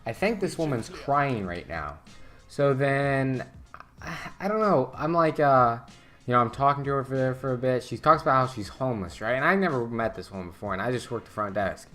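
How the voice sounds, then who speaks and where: Brief: young male streamer, mid-pitch, casual and meandering, stumbles and restarts often. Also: fairly quick, a bit bright, soft background music. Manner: rambling, filler-heavy, lots of restarts. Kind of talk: casual storytelling while gaming.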